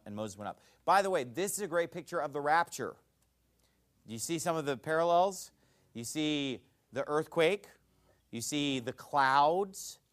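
Animated man preaching a sermon. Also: fairly high pitch. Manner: animated, folksy, checks in with the listeners. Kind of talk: expository sermon.

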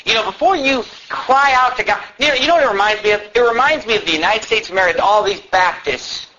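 A man's voice: high-pitched, fast, sharp tone, a little hiss or hum. A man preaching a fiery sermon, reading old-fashioned scripture aloud and mocking people with impassioned wails. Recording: dull lo-fi recording.

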